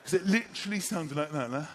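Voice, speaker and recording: A man's voice: a little high, background noise. A middle-aged man performing stand-up comedy, telling a story animatedly and acting out other people's voices. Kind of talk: stand-up routine. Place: live comedy venue stage.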